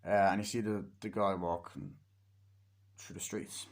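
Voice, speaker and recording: A man's voice: low voice, flat delivery, a little slow, vocal fry. A man giving a casual, rambling film review, swearing freely and acting out scenes as he retells them. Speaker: movie reviewer.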